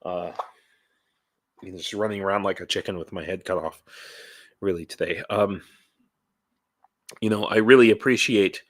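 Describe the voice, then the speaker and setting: A man talking casually on his vlog, halting and rambling with many restarts, tired and dehydrated, blunt and ranty. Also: low-pitched, no echo. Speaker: YouTuber and volunteer in Ukraine.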